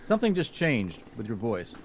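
A man's voice: medium pitch, wildly swooping pitch, normal speed, slight background noise. A man co-hosting a podcast in casual chat, tender-hearted and easily moved. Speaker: podcast co-host.

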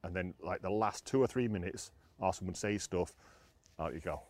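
A man's voice: deep voice, a little fast, darkish tone, no echo. A middle-aged man, chatting casually and laughing often as he tells old team stories. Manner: storytelling, laughs often, many fillers. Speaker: former footballer guest. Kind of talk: casual chat.

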